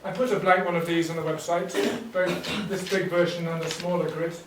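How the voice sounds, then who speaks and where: A man leading a teacher workshop, explaining teaching ideas in a relaxed way with fillers and restarts. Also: sits high, a little fast, background noise. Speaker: workshop trainer. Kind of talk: teacher training talk. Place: workshop room. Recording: echoey room, distant mic.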